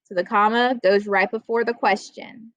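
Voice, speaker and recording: A woman teaching a classroom grammar lesson, plainly explaining rules and slowly reading out example sentences. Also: mid-range voice, fairly even intonation, no room sound, highs cut off.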